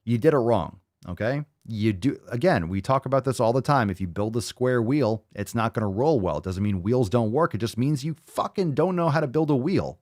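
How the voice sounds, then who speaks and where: A man's voice: medium pitch, lively intonation, brisk, hardly any pauses, darkish tone, no echo, studio quality. A man hosting a podcast, ranting in blunt, mocking, profane commentary. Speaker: podcast host.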